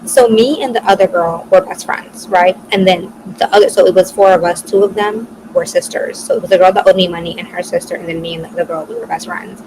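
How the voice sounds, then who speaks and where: A woman's voice: lowish voice, steady tone, fast talker, few pauses. A woman in her twenties telling a personal story on a casual podcast chat, talking loosely with lots of "like" and the odd swear word. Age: 20s. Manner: chatty, peppered with "like", swears freely. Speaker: podcast co-host. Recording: noisy background hiss.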